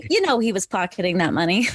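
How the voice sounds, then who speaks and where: A woman's voice: mid-range voice, sing-song, fast talker, a little hiss or hum. A woman guest on a podcast chatting frankly and laughing often, joining over a video call. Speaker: podcast guest, former dancer. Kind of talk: casual interview chat.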